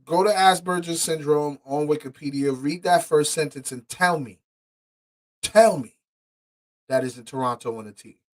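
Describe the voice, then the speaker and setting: A man's voice: fairly high pitch, moderate pace. Profane, indignant man reading out court filings. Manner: profane, indignant, stumbles over words while reading; swings from muttered asides to loud outbursts. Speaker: podcast host. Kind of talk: angry commentary reading court documents aloud.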